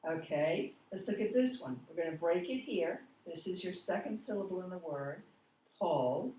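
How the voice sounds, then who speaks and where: A woman's voice: fairly low pitch, lively intonation, mellow, recorded from a distance, slight background noise. Patient woman teaching phonics, echoey. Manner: slow, patient, quizzing the listener. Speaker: reading teacher. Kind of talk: phonics lesson. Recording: echoey room, voice off-mic.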